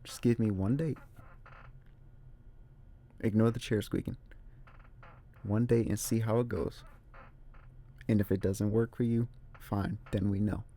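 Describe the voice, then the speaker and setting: A man hosting a casual solo movie talk, emphatic and animated, repeating his points. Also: lowish voice, a little slow, gravelly, pauses often. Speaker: movie review host. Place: room with a squeaky chair.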